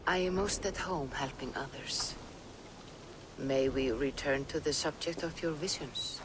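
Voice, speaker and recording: A man playing a wise village seer in a video game, speaking in a measured, solemn way. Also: a little high, noisy background, close to an everyday voice. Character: wise male village seer, brewing elixirs.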